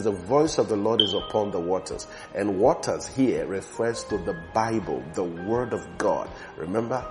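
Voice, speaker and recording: Emphatic male preacher, faint music behind. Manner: emphatic, swelling loud on key phrases and dropping low. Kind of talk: sermon. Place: church.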